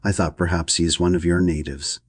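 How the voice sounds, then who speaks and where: A man's voice: low-pitched, steady tone, a little fast, slightly rough, no echo, studio quality. A man reading a pompous major with a florid, chatty manner, in an audiobook. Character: blustering British major, florid middle-aged man.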